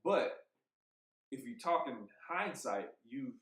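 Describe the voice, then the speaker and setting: A man co-hosting a podcast, talking in a heated, emphatic way, swearing freely and thinking out loud with restarts. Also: mid-range voice, expressive, takes it slowly. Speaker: podcast co-host. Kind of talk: casual podcast chat. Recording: roomy echo.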